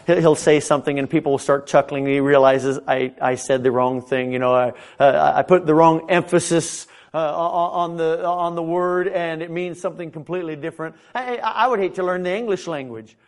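A middle-aged man preaches in a church sanctuary, in a voice pitched a little above the usual for a man. He talks with fervor, stumbling over quick restarts, and his pitch climbs as he builds to a point. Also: fairly even intonation. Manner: impassioned preaching with frequent stammered restarts, pitch climbing when stirred. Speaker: pastor. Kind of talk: sermon.

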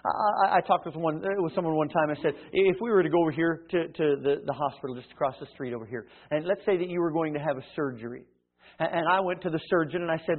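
A high-pitched man preaches a sermon, rising to loud, emphatic peaks and dropping to near hushed tones. He acts out conversations as he goes. The sound is thin and tinny, like a phone line. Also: fast talker, husky. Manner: dramatic swings from loud to hushed, acts out dialogue.

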